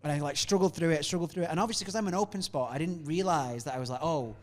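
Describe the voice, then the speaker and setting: A man chatting casually as a guest comedian on a podcast, telling stories in an animated way with frequent laughs and acted-out quotes, often stammering and restarting. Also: fairly high pitch, rapid-fire.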